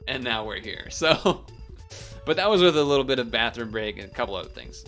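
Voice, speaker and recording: Young massachusetts guy rambling on stream, bright tense voice, a bit of music under it. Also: mid-range voice, animated, normal speed. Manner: loose, laid-back, swears, lots of fillers. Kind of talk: casual stream chat.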